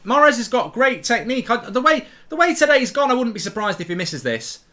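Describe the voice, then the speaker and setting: In a very high-pitched voice, brisk and with few pauses, a middle-aged man runs a live football watchalong. He rants excitably and repeats himself as play goes on.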